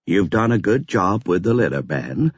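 Narrator doing a stiff calm guy in an audiobook, low and breathy, measured, kinda muffled. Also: dry recording, full character voice. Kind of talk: audiobook character voice.

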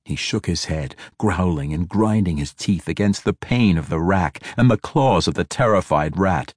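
A man reads a fantasy novel aloud in a steady, measured way. His voice sits very low with a husky grain, and he takes his time. The recording is dry and close, with no room sound. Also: no room sound. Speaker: audiobook narrator. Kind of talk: scripted fantasy narration.

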